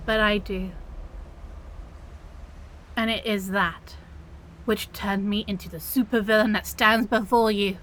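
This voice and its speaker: A woman's voice: mid-range voice, steady tone, measured pace, pauses often, a bit bright, a little hiss or hum, lightly acted, low-quality recording. A woman voicing a touchy young female otter-girl supervillain who protests indignantly and trips over her words in an audio role-play. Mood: flustered denial. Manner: indignant, flustered, protests too much and stumbles over words.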